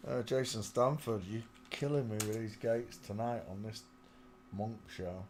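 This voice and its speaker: A man's voice: fairly low pitch, measured pace, background noise. Muttering man on a close mic. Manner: muttering to himself, half-singing between remarks. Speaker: channel host. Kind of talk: casual commentary while browsing photos. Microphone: small desk microphone close in front.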